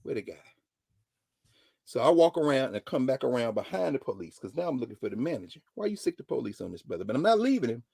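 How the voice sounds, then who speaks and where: A middle-aged man, telling a story as a professor, his husky voice leaping up and down in pitch. He drops to near whispers and then bursts out loud, acting out each person he quotes. The sound is dry and close. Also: very animated, quick pace, dry recording. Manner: dramatic retelling, voicing others in quotes, swinging from hushed to shouting. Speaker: professor and regular guest. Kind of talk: animated storytelling lesson.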